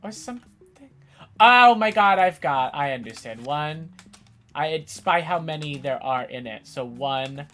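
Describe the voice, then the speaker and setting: A woman's voice: sits low, animated, a little slow, fairly bright tone, soft background music. A woman streaming a video game, chatting casually, self-mocking and swearing freely. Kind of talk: casual live-stream chat while gaming.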